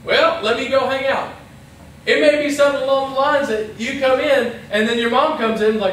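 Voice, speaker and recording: A man preaches in a relaxed, talky way, now and then voicing short imagined lines. His voice sits high for a man. The sound is very roomy and echoey, picked up from a distance in a church hall with a faint hiss underneath. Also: normal speed. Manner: conversational, acts out little quoted lines. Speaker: pastor. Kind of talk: casual youth sermon.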